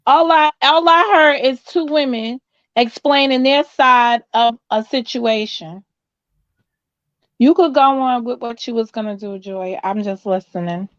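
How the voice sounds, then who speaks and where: A woman hosting a panel who speaks in a measured way and asks pointed questions. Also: fairly high pitch, no echo, muffled recording. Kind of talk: slow deliberate panel talk.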